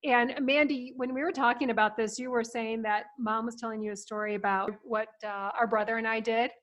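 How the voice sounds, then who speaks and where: Brief: middle-aged woman storyteller, casual and lively, fairly high voice. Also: brisk, muffled recording. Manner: chatty, animated, laughs often.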